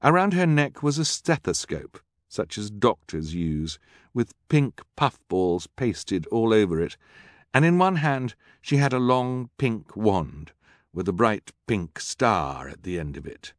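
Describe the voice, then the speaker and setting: Slow, lively male audiobook narrator, slightly low voice, dry wry tone, dry close studio sound. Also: no room sound. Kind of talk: scripted narration.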